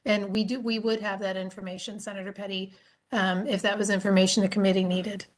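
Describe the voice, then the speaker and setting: A woman speaks as a state agency official testifying before a legislative committee. Her voice sits in a middle pitch. She explains points at a steady, measured pace and fills pauses with "um". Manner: measured, explanatory, frequent "um" fillers.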